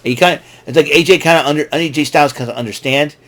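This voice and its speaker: A man's voice: fairly high pitch, quick pace, a bit bright. A man hosting a show, recapping events in a casual monologue into a microphone, rambling with many restarts and fillers. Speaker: show host. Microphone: talking into a microphone.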